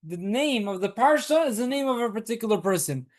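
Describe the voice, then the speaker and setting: A man's voice: very high voice, lively intonation, brisk. A man, a rabbi, teaching a weekly Torah class to a small group. He explains patiently, repeats key points, asks rhetorical questions and turns to students to question them.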